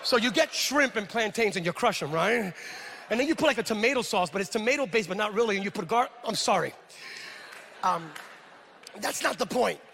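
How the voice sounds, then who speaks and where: A man's voice: sits high, expressive, fairly quick, gravelly, bright, forceful tone, a little hiss or hum. A middle-aged man, a pastor, telling a humorous story in a sermon and acting out the dialogue. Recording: reverberant hall sound.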